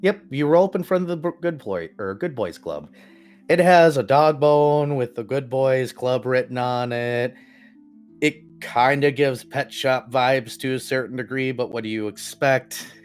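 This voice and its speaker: Game master, male, casual and joking, mid-pitched, faint music bed. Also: fairly even intonation, measured pace. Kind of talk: narrating a tabletop game.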